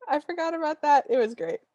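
A woman co-hosting a podcast, recapping a movie in animated casual chat and quoting the characters. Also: high voice, no room sound. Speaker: podcast co-host.

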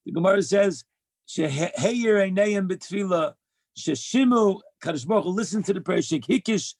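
A man's voice: high voice, animated, moderate pace, a little mellow, slightly rough, no room sound. A man giving a heartfelt religious talk, earnest and emphatic, repeating key phrases as he shares Torah lessons. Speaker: speaker sharing Torah lessons.

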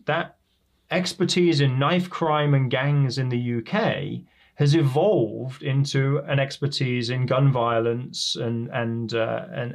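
English man with a softened, Americanized accent. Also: medium pitch, creaky. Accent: softened English accent mixed with American. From England. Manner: thoughtful, explains at length with examples. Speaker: guest, professor. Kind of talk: conversational interview answers.

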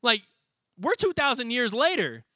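A young man preaching a sermon as pastor, talking in a lively, casual way and acting out little scenes as he goes. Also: very high voice, dry recording. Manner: animated, conversational, acts out scenes in quick voices.

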